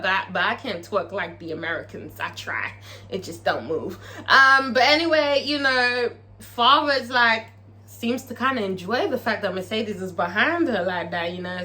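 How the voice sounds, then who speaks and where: A woman giving a chatty, animated and profane recap of a TV episode, laughing often. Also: fairly high pitch. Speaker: TV episode reviewer. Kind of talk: casual recap commentary.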